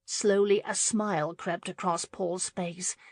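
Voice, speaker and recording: A woman narrating a romance audiobook in a steady, measured way. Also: fairly low pitch, dry recording. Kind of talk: scripted narration.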